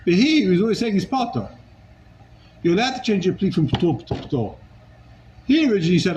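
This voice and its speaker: Animated man teaching a Talmud class. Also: high voice, brisk, long pauses, highs cut off, background noise. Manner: animated, rhetorical, mixing Hebrew and Aramaic terms.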